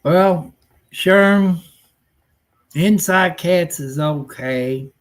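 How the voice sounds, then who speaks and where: A man's voice: on the high side, extremely slow. An older man, chatting casually and rambling on a live stream in a folksy, grumbling way. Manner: folksy, rambling, grumbling, with rural nonstandard grammar. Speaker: livestream host.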